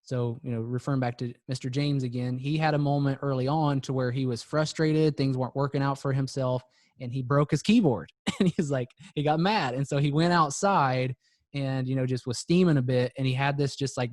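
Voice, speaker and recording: A man's voice: mid-range voice, a little mellow, no echo, clean studio sound. A man speaking as a podcast guest and business coach, earnest and reflective, often repeating words for emphasis. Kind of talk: motivational podcast talk.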